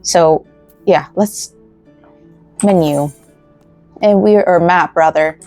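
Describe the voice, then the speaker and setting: A woman's voice: on the low side, slow pace, pauses often, darkish tone. A woman hosting a casual let's play, chatting in a rambling way and giggling while she crochets. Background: faint game music.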